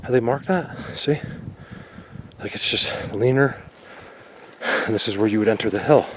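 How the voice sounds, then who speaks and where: A man vlogging outdoors in a forest, excitedly showing viewers what he finds and sometimes dropping to a whisper. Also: on the low side, normal speed, slight background noise. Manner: excited, talks to viewers, drops to a whisper at times. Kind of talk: outdoor exploring vlog.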